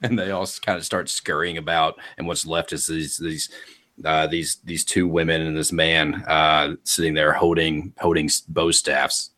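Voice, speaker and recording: A man narrating as game master, animated and laughing, jumping into high squeaky voices for townsfolk. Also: moderate pace.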